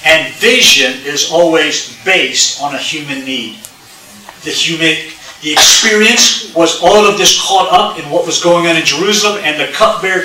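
A pastor with a pushed, bright voice on the high side preaches a sermon to his congregation in a church sanctuary. He speaks conversationally, repeats key phrases and poses questions to listeners; the recording is echoey, his voice heard from a distance.

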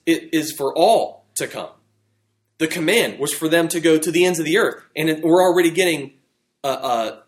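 A man teaching a Bible study class, talking in a conversational, animated way with fillers and restarts. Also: fairly high pitch. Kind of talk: classroom Bible lesson with fill-in notes.

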